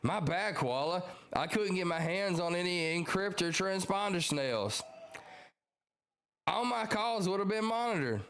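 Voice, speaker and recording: A man's voice: high voice, lively intonation, measured pace, a bit bright, clear, resonant tone, pitched above the performer's own voice, full character voice. A man reading manga aloud and voicing a young male revolutionary who earnestly explains himself. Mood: apologetic.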